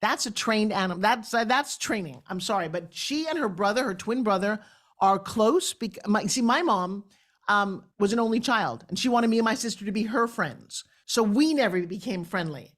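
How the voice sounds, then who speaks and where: A woman's voice: mid-range voice, expressive, normal speed. A middle-aged woman hosting an interview, chatting and telling her own family stories. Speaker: host. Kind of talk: casual interview chat.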